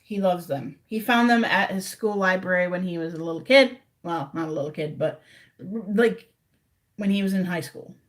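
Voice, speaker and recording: Female streamer, relaxed rambling chat with viewers from her room. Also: on the low side, normal speed. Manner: rambling, chatty, talks to viewers directly. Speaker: livestreamer. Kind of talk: casual livestream chat.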